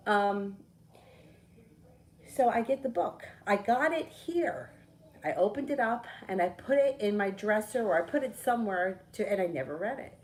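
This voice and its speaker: A middle-aged woman, a tarot reader chatting casually on a live stream, telling a story with lively, swearing asides. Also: on the high side, moderate pace, low-quality recording.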